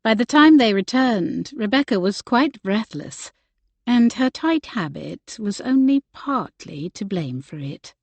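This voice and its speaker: A woman narrating a romance novel in a gentle storytelling manner. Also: medium pitch, animated, measured pace, no echo. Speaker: audiobook narrator. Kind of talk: scripted narration.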